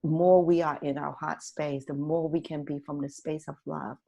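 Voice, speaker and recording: Woman, storytelling guest, animated, laughs often, voices the people she quotes. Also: low-pitched, moderate pace, vocal fry. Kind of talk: personal storytelling on a talk show.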